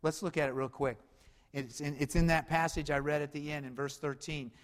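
High-voiced preacher in a reverberant hall. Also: male voice, fairly quick. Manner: animated, swings between loud urgency and low quiet emphasis. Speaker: pastor. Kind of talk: sermon.

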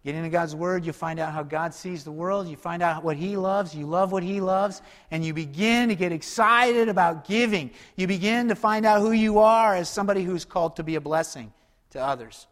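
A man preaching a sermon as pastor, conversational and lively, with quick asides and call-and-response to the congregation. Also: high-pitched, long reverb tail.

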